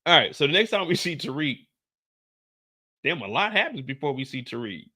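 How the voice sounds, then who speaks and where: A man hosting a live stream, recapping a TV episode in animated, profane, blunt commentary. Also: on the high side, a little fast. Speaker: TV show recap host.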